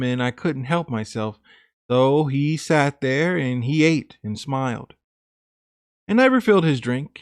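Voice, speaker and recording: A man's voice: on the high side, no echo, studio quality. A man narrating a woman's confessional true story in the first person, in an earnest, plain scripted reading.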